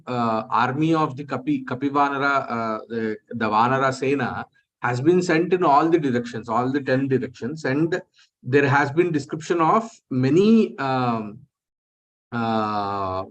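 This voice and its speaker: A man's voice: mid-range voice, animated, measured pace, fairly bright tone. A man moderating an online session, hesitant and full of fillers.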